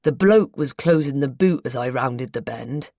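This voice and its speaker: A woman voicing an earnest, guarded local man with a North Devon accent, in a slow, confiding, colloquial way, for an audiobook. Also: extremely low pitch, animated, dark tone, no room sound, studio quality, full character voice. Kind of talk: audiobook character voice.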